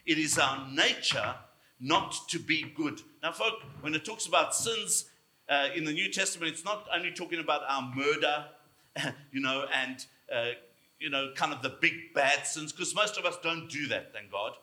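A man preaching a sermon, emphatic, slowing down to stress key words. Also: on the high side, pushed and bright. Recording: echoey room.

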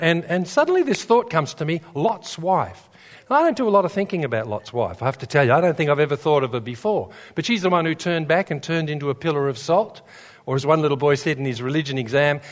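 Preaching briskly in a fairly high, expressive voice, a man delivers a church sermon full of humorous stories that build to fervent emphasis. The large hall gives the recording a long reverb.

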